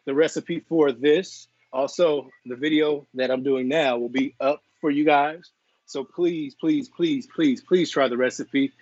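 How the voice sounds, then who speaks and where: A man chef talks loosely and cheerfully through a live cooking stream. He drops fillers, tastes the food on air and jokes to viewers as he goes. The sound is dry and a little muffled, like low-grade live stream audio. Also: no echo. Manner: relaxed, chatty, tasting and chewing on air with playful apologies. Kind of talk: casual live cooking chat.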